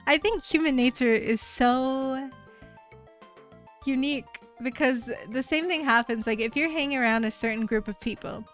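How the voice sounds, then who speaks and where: Young woman streamer, a bit high-pitched, chatty and upbeat, reads chat aloud, faint music underneath. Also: normal speed, a bit bright. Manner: chatty and upbeat, reads viewer messages aloud, laughs often; heavy use of "like" fillers. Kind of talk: casual live-stream chat with viewers. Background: faint background music.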